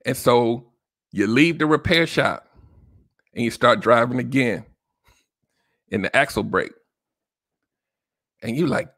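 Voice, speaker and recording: A man's voice: mid-range voice, slow pace, pauses often, fairly bright tone, dry recording, clean studio sound. A man hosting a solo relationship-advice podcast, talking casually and directly to listeners, often checking in with "right?". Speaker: podcast host.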